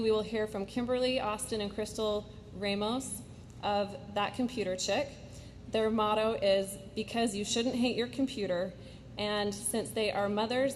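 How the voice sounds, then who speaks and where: A woman moderator introduces the evening's speakers in a brisk, businesslike way, reading from the program. Her voice sits at a middle pitch, with a faint low rumble in the background. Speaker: event moderator. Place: high school auditorium.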